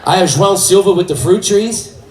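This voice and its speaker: A man from California doing stand-up on a hall stage, loudly working the crowd and shouting punchlines. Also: sits high, brisk. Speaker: stand-up comedian. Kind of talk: stand-up comedy. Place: stage in a hall, live audience. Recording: echoey hall, mic at distance, crowd noise.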